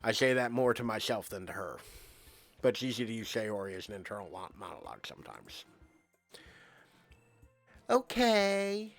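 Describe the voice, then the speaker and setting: A man's voice: on the low side, lively intonation, quick pace, vocal fry, a bit bright, faint music behind. A male streamer on a live game stream, reading out game text and word lists with playful asides.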